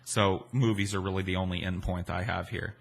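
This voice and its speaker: A man's voice: low voice, fairly even intonation, fairly quick, gravelly, husky. A man in his forties, a podcast host, telling stories and answering listener questions in a rambling, profane, self-deprecating way. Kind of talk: casual storytelling chat.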